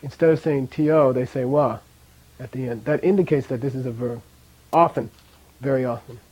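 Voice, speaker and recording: Moderately paced and a little mellow with a breathy edge, a man's mid-range voice leads a classroom language lesson, patiently repeating sounds and chuckling at times. It's a low-quality recording.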